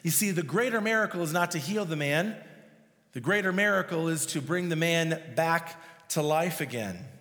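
A man's voice: fairly high pitch, moderate pace, pushed and bright. A male pastor preaching a sermon in a conversational, emphatic way with casual asides. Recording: long reverb of a hall.

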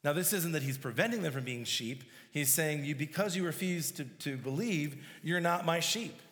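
Guy preaching in a big echoey church, kinda high voice, leans hard on the scripture bits. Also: normal speed, a bit bright. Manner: expository, emphatic, reads and explains scripture verse by verse. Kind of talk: sermon. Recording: long hall reverb.

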